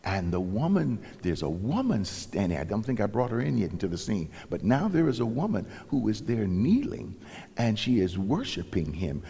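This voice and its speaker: Husky, lively preacher man in a reverberant church. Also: lowish voice, normal speed. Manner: animated storytelling, acting out the characters' lines. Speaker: pastor. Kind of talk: sermon. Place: church sanctuary. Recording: long church hall reverb.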